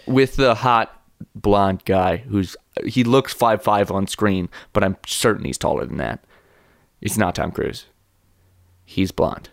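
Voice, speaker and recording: A man's voice: fairly low pitch, slow, gravelly, no echo. Joking male podcast co-host, dry sound. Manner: laughs often, rambling and joking. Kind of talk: casual comedy podcast banter.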